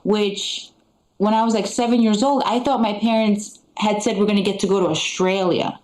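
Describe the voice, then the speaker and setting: A woman's voice: medium pitch, steady tone, moderate pace, darkish tone, rough recording. Chatty woman doing stand-up. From Eastern Europe. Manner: chatty, rambling, full of fillers and dry asides. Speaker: stand-up comedian. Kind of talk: live stand-up set. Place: comedy club stage.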